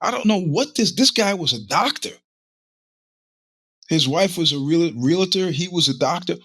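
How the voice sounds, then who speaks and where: A man's voice: on the high side, lively intonation, moderate pace, fairly bright tone, slightly rough, no room sound. A middle-aged man hosting a podcast, telling a rambling, profane story in a casual monologue with many restarts. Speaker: podcast host.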